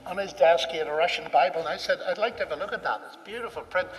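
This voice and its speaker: A man with a higher-than-usual voice recounts a personal anecdote, lively and acting out each exchange. He sounds set back from the microphone, with a long echo trailing his words around a large hall. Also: rapid-fire, faint music behind. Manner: animated, acts out dialogue. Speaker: speaker recounting a personal story. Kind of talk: anecdotal storytelling talk. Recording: distant mic in a reverberant hall.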